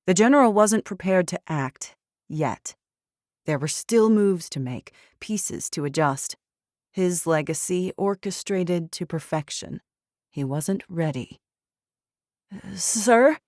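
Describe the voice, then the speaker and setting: A woman narrates a thriller audiobook in a low, unhurried voice, measured and steady. The recording is close and dry, with no room sound. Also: dry recording.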